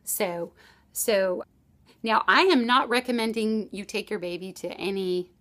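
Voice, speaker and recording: A woman's voice: mid-range voice, measured pace, fairly bright tone. A middle-aged woman giving casual parenting advice, telling a personal story in a chatty way with frequent restarts. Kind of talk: casual advice talk to camera.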